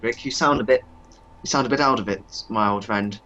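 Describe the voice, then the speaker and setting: A man's voice: lowish voice, brisk, sharp tone. A man voicing a fussy, posh male master who talks down in a plummy, condescending way, on a dull lo-fi recording.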